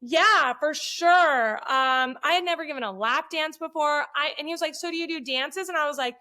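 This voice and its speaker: A middle-aged woman telling a story in casual chat, profane and animated, acting out what people said. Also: high voice, normal speed. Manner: profane, animated, acts out quotes. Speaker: podcast guest.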